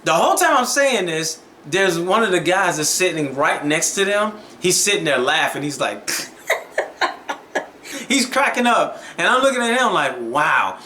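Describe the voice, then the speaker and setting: Man, casual vlogger, bright and a bit high, storytelling, echoey room. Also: expressive, moderate pace, few pauses, a little hiss or hum. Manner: storytelling, preachy, conversational. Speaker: dating advice vlogger. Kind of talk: casual vlog monologue.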